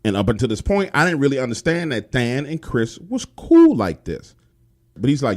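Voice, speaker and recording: A man's voice: mid-range voice, wildly swooping pitch, normal speed. A man telling a first-person true horror story in casual, profane street slang, speaking directly to the listener. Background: faint music.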